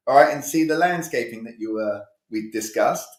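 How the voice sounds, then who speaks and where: A man's voice: medium pitch, expressive, brisk, few pauses, reverberant. A male communication coach giving a live online sales training, talking energetically and with emphasis, acting out sales dialogues.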